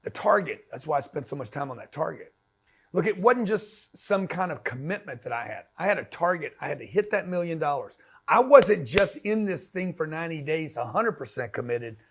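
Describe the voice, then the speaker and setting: A man's voice: a little high, expressive, fairly quick, husky. A middle-aged man giving a blunt, pushy motivational talk in slangy street language. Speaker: business speaker.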